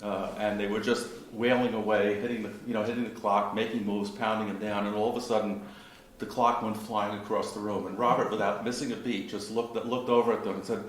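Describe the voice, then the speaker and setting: A man hosting a club reception, telling a relaxed anecdote before welcoming a guest. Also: fairly low pitch, fairly quick, slight background noise. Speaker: club host introducing guest. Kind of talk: speech. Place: chess club reception room. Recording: echoey room, faint ambience.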